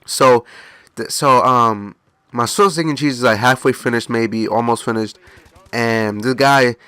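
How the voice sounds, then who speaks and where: A man's voice: medium pitch, unhurried, bright, forceful tone, smooth, no room sound. Young man, laid-back storyteller, rambling anecdote, dry close sound. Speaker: gaming channel host. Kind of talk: casual storytelling.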